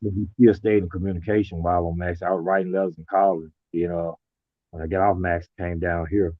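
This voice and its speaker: Low-voiced man over a tinny line. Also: little pitch movement, brisk, no echo. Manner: reflective storytelling, colloquial. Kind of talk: casual conversation.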